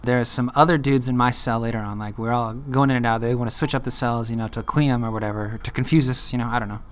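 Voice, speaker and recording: A man's voice: mid-range voice, fairly even intonation, fast. A man casually telling his own story on a vlog, rambling and laid-back, full of filler words.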